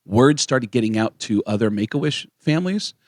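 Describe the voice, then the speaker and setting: A man's voice: mid-range voice, normal speed, dry recording, clean studio sound. A man who is a comedian, a guest on a radio show, telling stories casually and acting out the voices of others. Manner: animated storyteller who acts out the voices of others. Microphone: studio microphone.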